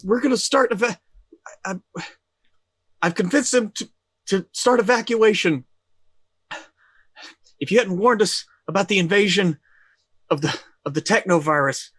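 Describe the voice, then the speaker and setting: An excited townsman talking over the radio in a rush, stumbling over his words, raised and loud. A man puts him on during a tabletop game. The sound is close and dry. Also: high voice, no echo, pitched above the performer's own voice. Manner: stammering, urgent.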